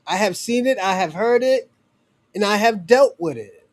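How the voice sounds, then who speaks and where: Brief: male co-host, fairly high voice, blunt rhetorical questions. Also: lively intonation, normal speed. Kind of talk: heated livestream commentary.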